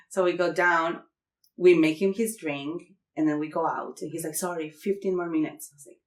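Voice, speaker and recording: A woman's voice: low-pitched, fairly even intonation, moderate pace, fairly bright tone. A woman from Mexico, a native Spanish speaker with a Mexican Spanish accent, tells a comedic story as a podcast guest, acting out quotes with squeals and laughter. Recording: roomy echo.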